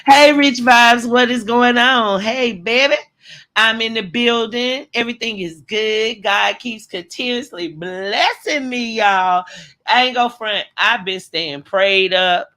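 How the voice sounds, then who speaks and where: Middle-aged woman, casual livestream host; bright tone, lively slangy delivery, home webcam mic. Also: on the high side, takes it slowly. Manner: animated, greets viewers by name, slangy. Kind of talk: casual livestream commentary, greeting chat.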